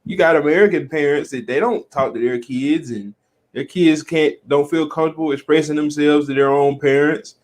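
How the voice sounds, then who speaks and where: A man speaking as a podcast guest in calm, reflective casual chat. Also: fairly high pitch, moderate pace.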